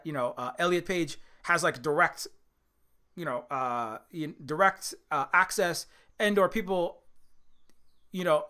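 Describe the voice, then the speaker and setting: Higher-pitched man, indie game dev on stream, loose rambling talk, swears freely. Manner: rambling, animated, profane, many restarts.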